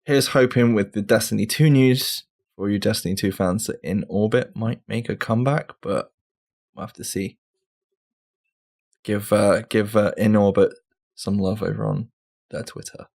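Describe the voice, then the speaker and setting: A man's voice: on the low side, fairly even intonation, normal speed, creaky, a little mellow. A man co-hosting a gaming podcast, casual and teasing, laughing often. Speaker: podcast co-host. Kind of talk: casual banter.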